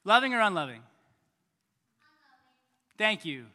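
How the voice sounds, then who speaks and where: Pastor guy preaching, light bright voice a bit high, joking around, big echoey hall. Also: big pitch swings, slow. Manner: conversational and joking, acting out little scenarios. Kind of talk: sermon. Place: church hall.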